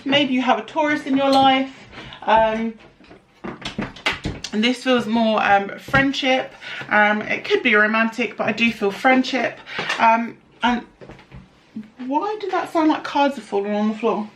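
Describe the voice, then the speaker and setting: A woman's voice: on the high side, unhurried, long pauses, fairly bright tone, a little hiss or hum. A young woman from the United Kingdom giving a casual tarot reading, chatty and rambling, with lots of fillers and restarts. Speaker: tarot reader.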